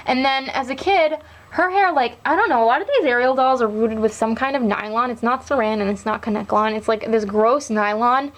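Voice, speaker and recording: A woman's voice: on the high side, brisk, rough recording. A young adult woman chatting casually as she shows off her doll collection, rambling with lots of fillers. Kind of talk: casual show-and-tell chat.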